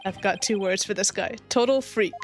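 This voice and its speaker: A woman's voice: mid-range voice, moderate pace. A woman hosting a let's play, giving chatty, giggly commentary over the game. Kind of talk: casual gameplay commentary. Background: faint game music.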